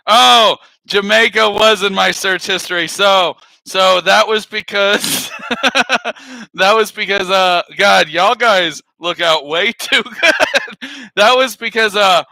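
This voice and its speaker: A man's voice: high voice, takes it slowly, gravelly, long pauses, bright, forceful tone, no room sound, rough recording. A man on a live stream chatting casually, rambling, swearing a lot and laughing often.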